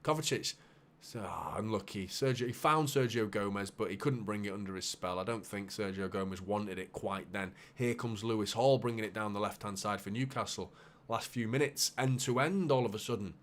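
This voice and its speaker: A man hosting a live football watchalong, calling the play with bursts of excitement and muttered asides. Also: on the low side, normal speed. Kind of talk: live match commentary for a fan watchalong.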